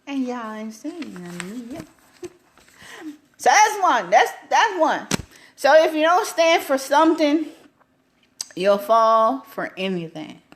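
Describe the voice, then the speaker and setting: Woman live-streamer, animated, laughing, voice a bit high and swooping. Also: slow pace, long pauses, a little hiss or hum. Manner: animated, voice swinging up and down, laughing often. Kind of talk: casual live stream talk.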